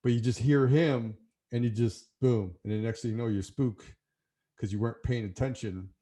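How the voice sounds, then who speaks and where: A man's voice: mid-range voice, moderate pace, warm tone. A man hosting a podcast, chatting casually with his guest in an easygoing way with filler words. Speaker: podcast host.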